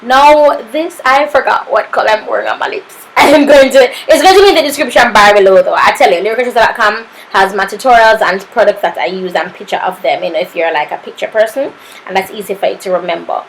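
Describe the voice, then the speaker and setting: A woman's voice: mid-range voice, quick pace, slight background noise, poor audio. A young woman with a Jamaican accent narrating a makeup tutorial, sassy and playful, tossing in "honey" and "papito" as she goes. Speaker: makeup artist.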